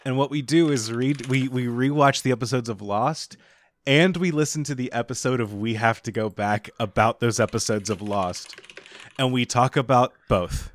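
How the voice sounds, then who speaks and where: A man co-hosting a podcast, rambling through joking pitches in casual chat. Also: moderate pace. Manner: rambling, riffing on mock show ideas. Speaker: podcast co-host.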